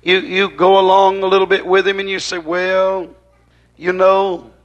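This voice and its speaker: A man's voice: sits high, monotone, fast, lo-fi sound, soft background music. A man preaching a fiery sermon in a church, driving his points home with rhythmic repetition that swells and drops in intensity.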